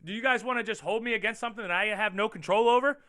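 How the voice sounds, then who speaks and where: A man hosting his own show, chatting casually and rambling with viewers, animated and profane as he reacts to their comments. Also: high-pitched, rapid-fire, dry recording, clean studio sound. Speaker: show host. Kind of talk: casual livestream chat with viewers.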